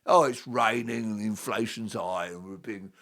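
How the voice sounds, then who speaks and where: A man's voice: on the low side, normal speed, a bit bright, pitched below the performer's own voice. A man with an English accent putting on a resigned, grumbling middle-aged Englishman who talks in a mock-weary, sighing way.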